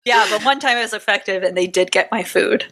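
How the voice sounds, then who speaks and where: A woman's voice: mid-range voice, fast, a bit bright. A young woman co-hosting a podcast, sarcastic and giggly, acting out voices as she tells stories. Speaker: podcast co-host. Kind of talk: casual chat.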